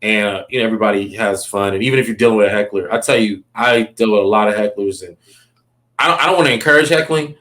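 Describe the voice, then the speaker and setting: A man's voice: fairly low pitch, fast, a bit bright. A man, a comedian, telling stories in a casual, rambling interview and checking in with "you know what I mean" often. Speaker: comedian guest. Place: Los Angeles.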